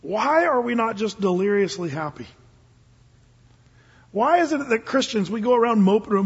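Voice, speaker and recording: An older male pastor delivers a sermon at a church service, earnest and casual but breaking suddenly into emphatic bursts. His high voice is animated and breathy-edged, moving at a normal speed with frequent pauses. The church recording sounds dull and carries a long reverb.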